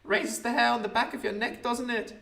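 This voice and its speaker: A man's voice: very high voice, fairly even intonation, brisk, vocal fry, pushed and bright, reverberant, recorded from a distance, voice pushed up, exaggerated voice. A man voicing a cheerful small boy selling newspapers in a game, with a sing-song street-hawker cry. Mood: chirpy. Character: cheerful small boy newsboy hawking papers.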